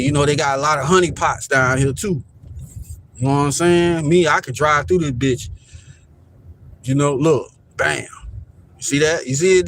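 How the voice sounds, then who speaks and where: A man's voice: fairly high pitch, fairly bright tone, a little hiss or hum. A man live-streaming casual commentary while driving downtown, rambling and repeating himself as he points things out to viewers. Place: inside a car driving downtown. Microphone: phone camera.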